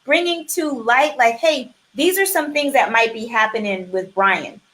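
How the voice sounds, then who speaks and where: Woman host telling a story at a higher pitch. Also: a little slow. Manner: animated storytelling, acts out quoted voices. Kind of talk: casual conversation.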